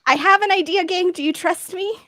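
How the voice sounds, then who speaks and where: A woman's voice: very high voice, brisk, fairly bright tone, no room sound, studio quality, voice pushed up. A woman voicing a mischievous elf girl with a bold plan. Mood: scheming.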